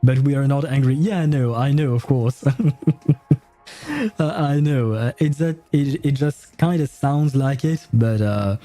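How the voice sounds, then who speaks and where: Soft music plays behind this young man from France as he talks casually to his stream viewers during gameplay, French being his first language. He speaks at a measured pace in a warm, medium-pitched voice. Hesitation runs throughout, along with plenty of fillers and little chuckles.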